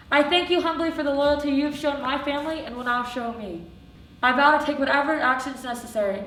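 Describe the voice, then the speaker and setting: An imperious, impatient king barks decrees, played by a teenage girl on a school stage. The voice sits high and is heard from across an echoey theatre hall. A faint hiss lies under the stage recording. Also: a bit bright, recorded from a distance. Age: teens. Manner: commanding, proclaiming, impatient. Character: stern, imperious male king. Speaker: student actor.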